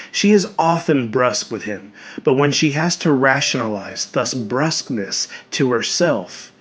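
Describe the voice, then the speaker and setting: A man hosting a podcast, reading a story aloud with expressive delivery that drops soft on dark lines. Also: medium pitch.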